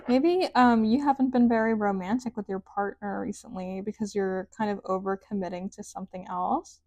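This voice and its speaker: A woman's voice: medium pitch, fairly even intonation, normal speed, dark tone, no echo, muffled recording. A woman giving a casual tarot card reading, chatty and rambling, with sing-song sentence endings. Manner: chatty, rambling, says "like" often. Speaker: tarot reader.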